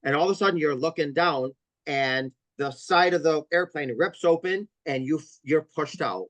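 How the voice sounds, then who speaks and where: A man's voice: a little high, moderate pace, fairly bright tone, dry recording, low-quality recording. A man speaking as a trauma counselor on an interview podcast, explaining earnestly with vivid stories and repeated emphasis.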